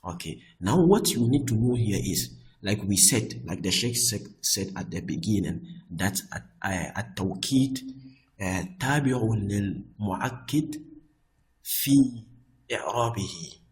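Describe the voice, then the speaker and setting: Patient lower-voiced man teaching grammar. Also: animated, slow pace, a little hiss or hum, poor audio. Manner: repetitive, checks in with "I hope that is clear"; restarts and repeats words often. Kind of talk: explaining Arabic grammar on screen.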